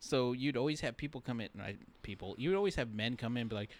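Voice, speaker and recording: Podcast guy, expressive voice, laughs a lot, does little voices for people in his stories. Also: medium pitch. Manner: quick, laughing delivery, acts out quoted people. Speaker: podcast co-host. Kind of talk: casual chat.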